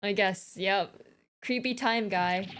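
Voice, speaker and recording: A woman's voice: medium pitch, takes it slowly, a bit bright, a little hiss or hum. A woman with an American accent chatting casually and giggling as she plays through a story game on stream.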